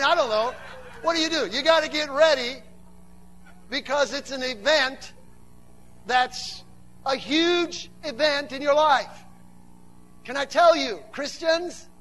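A man preaching a sermon to a church, mixing humorous asides with animated build-ups that rise to shouts. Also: very high-pitched.

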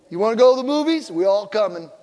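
High-voiced older male pastor preaching. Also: darkish tone. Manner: humorous, acts out quotes. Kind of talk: sermon. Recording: long hall reverb.

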